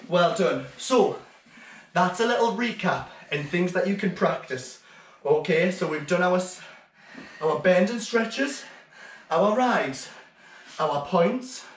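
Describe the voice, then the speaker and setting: A man teaching an online ballet class for small children, calling out steps and counting the beats with steady encouragement. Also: sits high, roomy sound, far from the mic.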